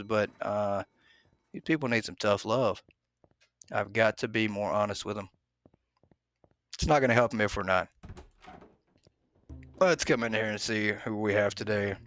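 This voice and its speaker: A man casually commentating as he plays a game, joking bluntly and filling pauses with "uh". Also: on the low side, expressive, fairly bright tone. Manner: joking, mock-blunt, with many "uh"s. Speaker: gaming video host. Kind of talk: casual let's-play commentary.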